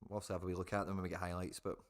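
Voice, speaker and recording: Scottish male streamer, lowish pitch, casual live match commentary, informal and chatty with viewers. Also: flat delivery, racing. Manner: chatty, swears, talks to viewers as guys. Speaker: live football watchalong streamer.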